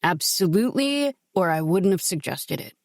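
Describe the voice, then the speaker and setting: A woman's voice: fairly low pitch, expressive, moderate pace, no echo, studio quality. A woman voicing an easygoing, friendly man.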